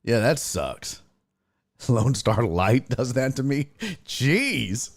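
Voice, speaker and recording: With a medium-pitched, animated voice and drawn-out words, this podcast host runs a live stream. He chats casually with plenty of swearing, reads the live chat aloud, and greets viewers by name.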